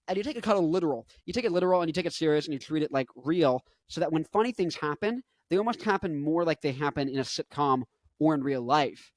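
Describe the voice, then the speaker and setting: A man's voice: on the high side, lively intonation, quick pace, a little mellow, no room sound. A man in his twenties chatting casually and at length, rambling with lots of fillers and self-corrections. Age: 20s. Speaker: musician and vlogger.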